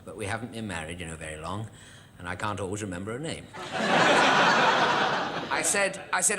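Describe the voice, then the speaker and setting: A man, a comedian, telling a deadpan comic monologue to an audience. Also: lowish voice, moderate pace, pauses often, very noisy. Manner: deadpan storytelling with acted quotes. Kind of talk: stand-up monologue to a studio audience.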